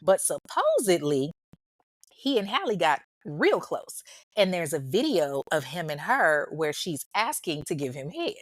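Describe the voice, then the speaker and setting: A woman's voice: on the low side, big pitch swings, a little slow, dry recording, clean studio sound. A woman hosting a true-crime show, telling the story in casual commentary with blunt, profane asides.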